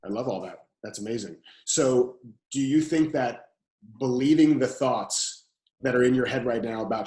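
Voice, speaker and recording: A man, the guest of a podcast interview, talking calmly as a coach and repeating his key phrases. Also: medium pitch, normal speed, reverberant, low-quality recording.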